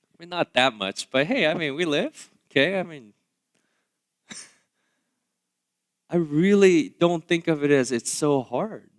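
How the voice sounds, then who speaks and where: Speaking a little slowly with a fairly high pitch and frequent pauses, a male pastor in his thirties preaches in a church sanctuary. The sermon is casual and conversational with many fillers and asides, and he's animated, swinging between loud asides and quiet remarks.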